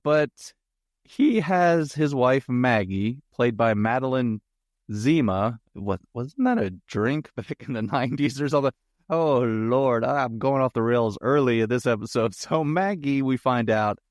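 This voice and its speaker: Man, podcast host, movie review, jokey asides, mid pitch, dry close mic. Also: dry recording. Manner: jokey, rambling, self-mocking asides with frequent laughs.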